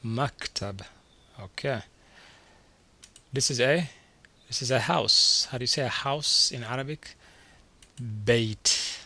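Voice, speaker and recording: Man, language teacher, bright clear tone, repeats words slowly, quizzes the listener. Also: mid-range voice, no echo. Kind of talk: slide-based vocabulary lesson.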